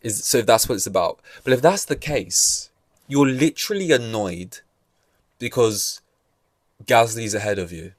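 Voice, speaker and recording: A man's voice: medium pitch, animated, measured pace, dry recording, studio quality. A young man hosting a podcast, ranting casually and sarcastically, swearing freely. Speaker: podcast host. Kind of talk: casual solo podcast commentary.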